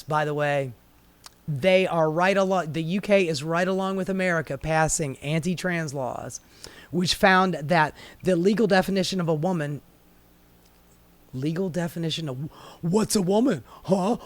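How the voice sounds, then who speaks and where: A man's voice: a little high, no echo. A man giving heated, sarcastic commentary on a news story, swearing freely and mocking the people involved. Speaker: commentary host.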